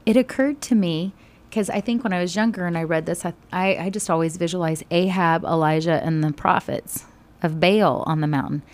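A woman teaching a Bible study, retelling scripture in conversation with sudden animated bursts. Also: fairly low pitch, a little fast.

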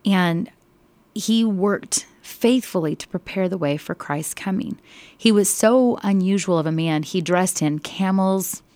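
A woman telling a Bible story, expressive, slow and emphatic. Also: fairly low pitch, no echo.

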